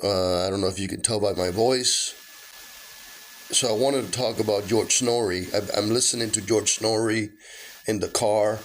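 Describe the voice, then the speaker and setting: A man's voice: fairly low pitch, steady tone, a little hiss or hum, poor audio. A sick man with a weak voice, rambling in a casual vlog from his car with many halts and fillers. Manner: halting, full of fillers and restarts. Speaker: vlogger.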